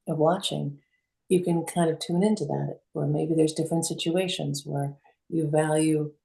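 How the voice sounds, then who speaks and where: Female co-host, low gravelly voice, mellow tone, roomy sound, lively storyteller. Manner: animated storytelling, acts out quotes. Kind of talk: reflective conversational talk. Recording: roomy echo.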